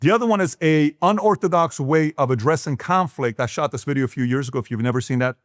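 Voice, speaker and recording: Speaking quickly and emphatically to camera, a fairly high-pitched man hosts a business talk show. He fills his delivery with rhetorical questions, and the dry recording has studio quality.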